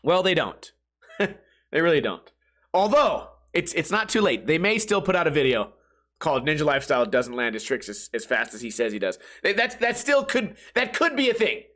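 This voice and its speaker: Animated, self-mocking man rambling. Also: fairly high pitch, moderate pace. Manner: rambling, self-mocking, laughs at own jokes; crude, profane storytelling. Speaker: podcast host. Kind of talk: casual comedic monologue.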